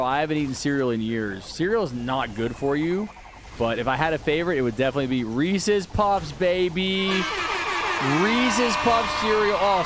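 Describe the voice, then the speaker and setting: Rambling livestreamer man from Texas. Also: fairly high pitch. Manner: rambling, answers chat questions with many fillers. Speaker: gaming livestreamer. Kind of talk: casual livestream chat while gaming.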